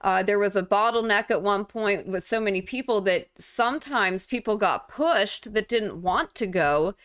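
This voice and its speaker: A woman giving casual, indignant commentary over video clips, speaking emphatically with frequent filler pauses. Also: mid-range voice, fairly bright tone.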